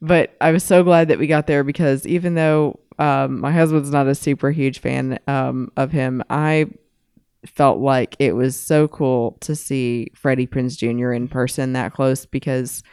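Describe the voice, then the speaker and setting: A woman co-hosting a podcast in casual chat, talking in a relaxed, rambling way. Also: extremely low pitch, a little slow, clean tone, no room sound, clean studio sound. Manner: relaxed, rambling, with many fillers. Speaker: podcast co-host.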